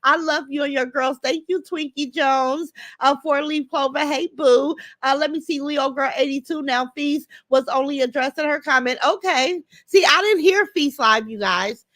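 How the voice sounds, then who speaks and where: Speaking at normal speed with few pauses, this older woman has a high, slightly bright voice. On her casual livestream she responds to chat comments in a blunt, heated way, cursing freely, and the recording is dry, close and echo-free.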